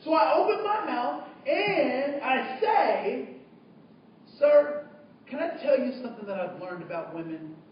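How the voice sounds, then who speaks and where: High-voiced man telling a story in an echoey hall. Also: measured pace. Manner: animated storyteller, acting out voices and dialogue. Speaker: diversity trainer telling a story. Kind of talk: storytelling talk to an audience. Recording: distant, dull, very echoey room recording with faint noise.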